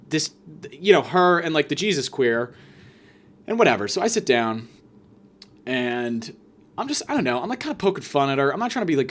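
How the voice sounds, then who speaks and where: A young man telling a story in a profane, sarcastic rant, hosting his own show. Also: fairly high pitch. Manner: profane, sarcastic, animated ranting. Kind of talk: ranting storytelling monologue.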